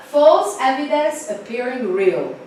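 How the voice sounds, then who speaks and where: A woman teaching an English class in a lively way, repeating key points for emphasis. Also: high-pitched. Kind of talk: live class lecture. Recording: distant mic, very echoey room, faint noise.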